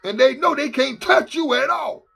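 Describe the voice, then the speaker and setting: A man preaching a fervent sermon as a minister, emphatic and repetitive, sometimes rising to shouts. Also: extremely high pitch, moderate pace, creaky, breathy edge, faint music behind.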